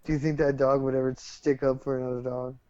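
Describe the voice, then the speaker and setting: A man's voice: mid-range voice, level tone, fast, a little mellow, no room sound, highs cut off. A man co-hosting a podcast in casual, profane chat who keeps pressing his questions. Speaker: podcast co-host.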